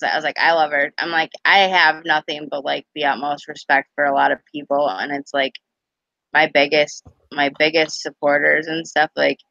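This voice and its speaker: Giggly woman rambling on a live stream, bright sharp voice, dull lo-fi sound, dry. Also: low-pitched, dry recording. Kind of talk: casual live chat.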